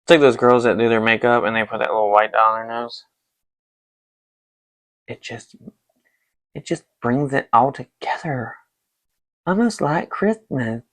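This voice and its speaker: A man's voice: mid-range voice, normal speed, fairly bright tone, dry recording. A young man hosting his painting vlog, chatting loosely and swearing while he paints. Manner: rambling, loose and profane. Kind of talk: casual chat while painting.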